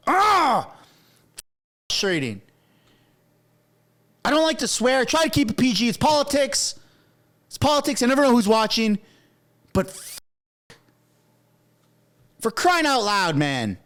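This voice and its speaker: A man live-streaming reaction commentary from his basement, loud and frustrated, yelling and swearing at a parliament feed. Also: very high voice. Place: home basement. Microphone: wearing headphones, desk mic.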